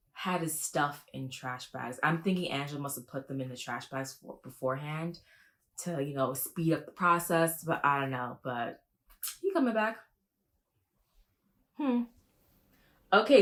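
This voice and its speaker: Low-voiced woman gossiping in a casual reaction vlog. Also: normal speed. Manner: animated, with big pitch jumps. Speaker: vlogger. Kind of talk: reaction video commentary.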